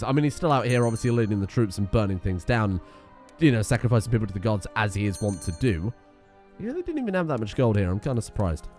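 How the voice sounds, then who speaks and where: A gaming streamer with a medium-pitched, darkish voice casually comments on his strategy game as he plays. He's chatty, swears freely and often gets sidetracked.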